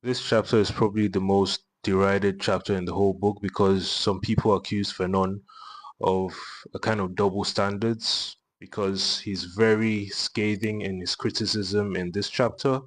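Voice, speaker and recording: A man with a very deep voice reviews a book in a flat, steady tone. He has little rise and fall as he talks. The delivery stays even from line to line. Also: normal speed. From Nigeria.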